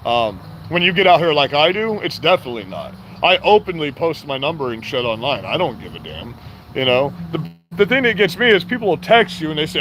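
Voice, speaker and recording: A middle-aged man vents in a rambling, foul-mouthed monologue to his camera. His voice sits a bit high for a man. Faint street and traffic noise hums in the background. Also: sing-song, fairly quick. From Florida, USA. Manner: profane, blunt, rambling. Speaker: vlogger. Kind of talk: casual rant to camera.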